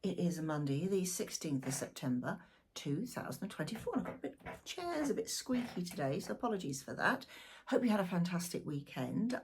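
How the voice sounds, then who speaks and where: A woman's voice: lowish voice, darkish tone, husky. A middle-aged woman doing a casual, exuberant weekly tarot reading, chatty and full of asides. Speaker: tarot reader. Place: home room, seated in a squeaky chair.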